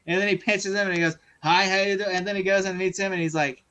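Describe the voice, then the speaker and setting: A man's voice: high-pitched, steady tone, fast, pushed and bright, clean tone. A man hosting a casual movie interview, telling stories animatedly and mimicking people as he laughs. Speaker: interview host. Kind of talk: casual chat about movies.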